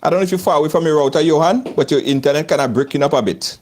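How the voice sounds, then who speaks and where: A man's voice: a little high, racing, darkish tone. A man from Trinidad with a Trinidadian accent, hosting a live talk show over a video call, laughing often and repeating himself. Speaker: host. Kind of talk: lively live-show chat.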